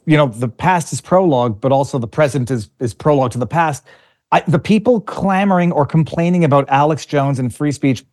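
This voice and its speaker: A man's voice: on the high side, a little mellow. A man speaking as an interview guest, arguing passionately and combatively, often repeating words as he gathers his thoughts. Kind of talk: conversational interview.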